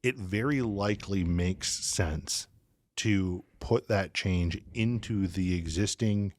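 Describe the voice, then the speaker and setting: A man explaining technical choices in a measured, methodical way as a podcast guest. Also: low-pitched, no echo.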